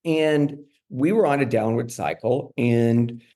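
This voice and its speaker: A man's voice: mid-range voice, slow pace, dark tone. A middle-aged man telling a candid story as a podcast guest, with many "like" and "you know" fillers.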